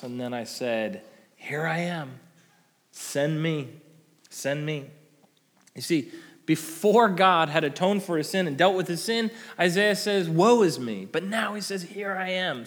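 A male pastor giving a conversational sermon, tagging points with "right?", rising to emphatic peaks and dropping to soft endings. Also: mid-range voice. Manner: conversational preaching with frequent "right?" tag questions. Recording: long hall reverb.

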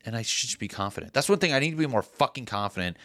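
A man's voice: medium pitch, animated, racing, heavy background noise. A young man in casual chat, telling rambling, profane stories and often cutting himself off. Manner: rambling, profane, self-interrupting storytelling. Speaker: stand-up comedian, podcast guest.

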